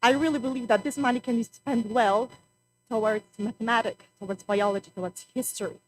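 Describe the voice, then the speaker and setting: Woman, emotional, pleading, halting, fairly high voice, faint hum. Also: fairly even intonation, rough recording. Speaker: mother speaking at public comment. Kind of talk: unscripted public comment. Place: school board meeting room.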